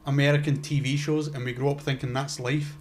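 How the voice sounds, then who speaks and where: A young man co-hosting a laid-back podcast. His voice sits in a middle pitch, and he rambles through his thoughts with plenty of fillers and offhand swearing. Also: level tone, brisk, slight background noise. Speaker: podcast co-host. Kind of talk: casual chat.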